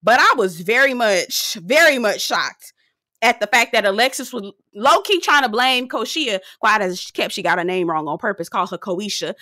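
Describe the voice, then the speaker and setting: A woman hosting a casual reality TV recap, sassy and animated, swearing freely as she talks straight to her viewers. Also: mid-range voice, fairly quick, dry recording, clean studio sound.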